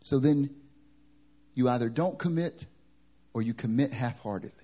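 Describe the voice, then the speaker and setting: A man's voice: medium pitch, moderate pace, warm tone. A man preaching a sermon at a church service. He tells stories in a conversational way that builds to fervent preaching.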